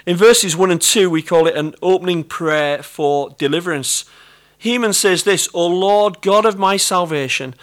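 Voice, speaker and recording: A man's voice: high-pitched, fairly bright tone. A middle-aged British man with a British accent, preaching a sermon in an earnest, conversational way and repeating key phrases. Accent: British English. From Britain.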